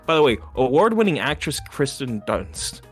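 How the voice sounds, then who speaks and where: A young man co-hosting a podcast, chatting casually and retelling scenes with quick impressions. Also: mid-range voice, sing-song, breathy edge, soft background music. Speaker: podcast co-host. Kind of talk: casual chat.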